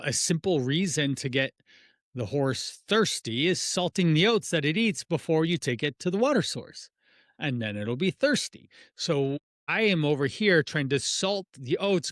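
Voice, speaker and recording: A middle-aged fitness and nutrition coach talks casually on a podcast, rambling, restarting phrases, and leaning on analogies and rhetorical questions. His voice is fairly high, expressive, and fairly bright at a measured pace, in a dry, studio-quality recording.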